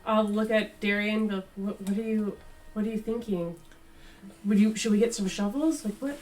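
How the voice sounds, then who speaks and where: A woman's voice: mid-range voice, steady tone, moderate pace, darkish tone. A woman at a tabletop game, eagerly tumbling through questions. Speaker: player. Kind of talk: casual tabletop game talk. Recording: distant mic with faint noise.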